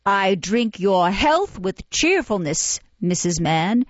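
A woman's voice: mid-range voice, sing-song, takes it slowly, dry recording, dull audio. A woman reading aloud, voicing a pompous, self-important male parish official who loves his own oratory. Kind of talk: audiobook character reading.

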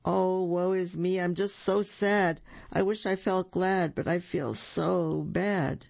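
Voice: mid-range voice, a little slow, creaky, highs cut off. A reader voicing a moaning gloomy bear. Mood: mournful. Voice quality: mournful sighing.

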